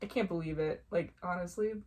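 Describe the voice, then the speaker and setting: A young woman telling stories casually, excitable and gushing, with squeals when she gets excited. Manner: excitable, quick swings into high squeals; gushing, heavy use of "like". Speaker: vlogger. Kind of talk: casual storytelling.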